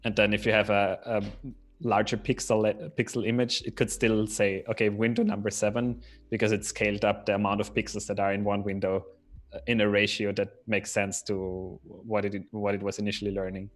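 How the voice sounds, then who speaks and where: A young man with a low, quite flat voice works through a technical idea on a live stream. He reasons tentatively, hedging as he goes. Faint music sits in the background. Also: a little fast. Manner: reasons aloud, tentative and questioning. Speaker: co-host. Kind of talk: casual live-stream chat.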